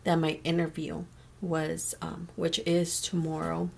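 A young woman chats to her camera from her bedroom, her low-pitched voice full of gravelly fry. She tells her story loosely, with many fillers and voices for the people she quotes. A faint hiss of room noise sits under the recording. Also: monotone, unhurried, a little mellow. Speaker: vlogger. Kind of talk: casual storytime chat.

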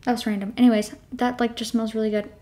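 Chatty higher-voiced woman vlogger. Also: level tone, fast talker, dark tone. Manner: chatty, filler-heavy, self-dramatizing; drops to a whisper while concentrating. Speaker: beauty vlogger. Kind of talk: casual product tutorial chat.

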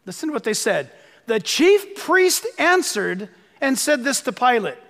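A very high-pitched, sing-song male voice, fairly bright and at a measured pace, heard with long hall reverb. He's a pastor preaching a sermon emphatically, repeating phrases for stress and urging listeners to write things down.

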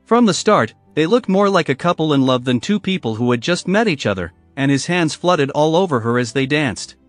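Man narrating a revenge story, fairly high voice, bitter and even, dry booth sound with soft music. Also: fairly quick, no echo. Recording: dry voice with faint music behind.

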